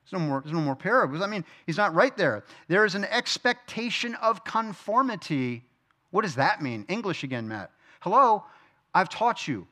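A man's voice: high-pitched, big pitch swings, moderate pace, pushed and bright. A middle-aged man teaching a Bible study from a church stage, conversational, asking the room questions and answering them himself. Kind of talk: sermon.

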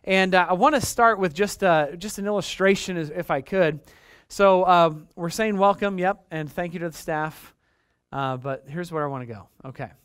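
A man's voice: high voice, moderate pace, fairly bright tone, clean tone, dry recording, studio quality. A man in his late thirties preaching a sermon in a conversational way, checking in with the listeners and often repeating his words. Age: late 30s. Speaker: pastor.

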